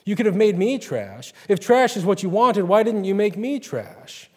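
A proud, churchgoing farm wife rails at the heavens in loud, fierce bursts, as a man puts her on in a story reading. The voice sits a touch high, and it rings out in a long, hall-like echo. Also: very animated, moderate pace, slightly rough, exaggerated voice. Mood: furious railing. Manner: railing, raised and fierce.

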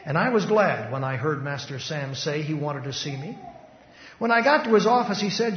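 Male preacher, dramatic recitation, emphatic loud-to-hushed swings, dull lo-fi hall recording. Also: fairly high pitch, expressive, moderate pace, slight background noise. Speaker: preacher giving testimony. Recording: echoey hall, dull lo-fi sound.

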